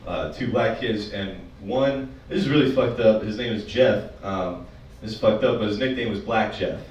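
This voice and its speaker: Young guy from rural pennsylvania doing standup, swears a lot, sounds far off in a noisy echoey room. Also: on the low side. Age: young adult. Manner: loose, profane, self-mocking delivery. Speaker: stand-up comedian. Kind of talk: stand-up comedy set. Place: small apartment comedy show.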